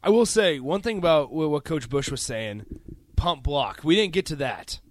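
Teasing male co-host, slightly higher voice, lively pitch, dry sound. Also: normal speed, no echo. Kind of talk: casual sports chat.

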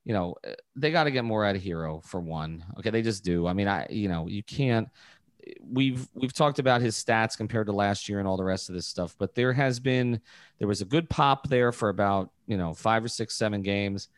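Sports podcast co-host, man, lowish voice, blunt takes, dry sound. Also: normal speed, no echo. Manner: blunt, frank verdicts on the team. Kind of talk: casual basketball analysis.

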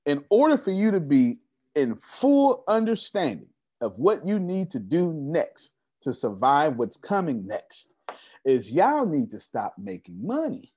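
A man's voice: a little high, sing-song, unhurried, warm tone, slightly rough. A man giving a business seminar to a live audience, emphatic and repetitive, often asking the crowd rhetorical questions. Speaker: business coach.

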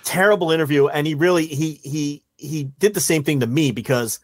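A man with a slightly raised pitch jokes and needles his co-host in loose podcast banter. The sound is close and dry, with no room around it. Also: fairly quick, no echo. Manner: teasing, banter-driven. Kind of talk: casual chat.

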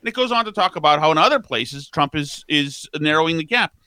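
A male talk show co-host with a bright, forceful voice pitched a little high. He delivers emphatic, mocking commentary. The sound is dry and close to the mic. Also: animated, brisk, clear, resonant tone, no echo.

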